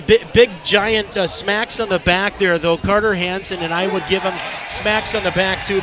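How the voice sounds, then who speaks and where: Excitable high-voiced sports announcer man. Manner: excitable, shouts at big plays. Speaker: play-by-play announcer. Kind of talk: local sports commentary. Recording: crowd noise behind.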